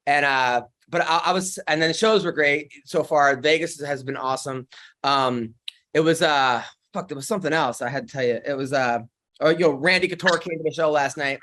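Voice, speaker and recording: A man's voice: fairly high pitch, normal speed, a bit bright. A man telling stories on a comedy podcast, casual chat, rambling with lots of fillers and restarts.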